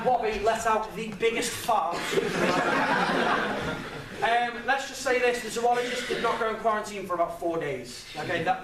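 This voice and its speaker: A young man giving an informal, jokey talk to an audience, chatty and quick to laugh at his own stories. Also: very high voice, background noise. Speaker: guest speaker. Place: lecture room with audience. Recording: echoey room, mic at a distance.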